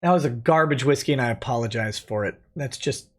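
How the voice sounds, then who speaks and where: A man's voice: mid-range voice, brisk. A man hosting a late-night livestream, reading viewer messages aloud and reacting with wry, offhand remarks at a desk microphone. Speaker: livestream host.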